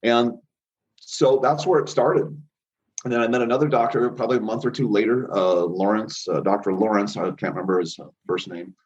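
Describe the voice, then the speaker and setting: Middle-aged male guest, anecdotal and rambling, fairly low voice, dull lo-fi recording. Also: steady tone, fairly quick. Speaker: interview guest, chiropractor and healer. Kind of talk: casual storytelling interview. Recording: dull lo-fi audio.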